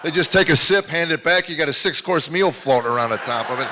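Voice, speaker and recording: An older man on a comedy stage, telling rambling stories into a handheld mic. His voice is bright and forward. He drops to low mutters, then bursts out loud. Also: quick pace, few pauses, a little hiss or hum. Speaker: stand-up comedian. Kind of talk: stand-up comedy set. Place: live comedy venue.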